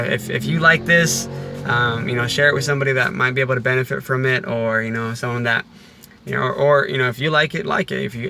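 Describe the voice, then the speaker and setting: A man's voice: mid-range voice, sharp tone, a little hiss or hum. A man talking casually in a vlog, rambling with lots of fillers and restarts, recorded in his car on a rainy day. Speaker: vlogger.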